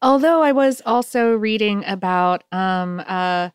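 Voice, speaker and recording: A woman's voice: mid-range voice, steady tone, a little slow, few pauses, clean tone, no echo, studio quality. A woman co-hosting a podcast, chatting casually and reading listener mail, with many "like"s and "um"s. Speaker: podcast co-host.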